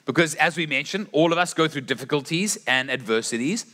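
Earnest, fairly high-voiced male preacher. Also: expressive, fairly quick, pushed and bright. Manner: earnest, storytelling, with frequent restarts. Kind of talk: sermon.

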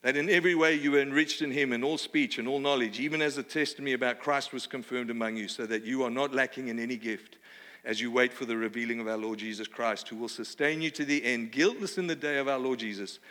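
A man from Australia with an Australian accent, preaching a sermon in a lively, conversational way with playful asides. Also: medium pitch, fast. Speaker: pastor. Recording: long hall reverb.

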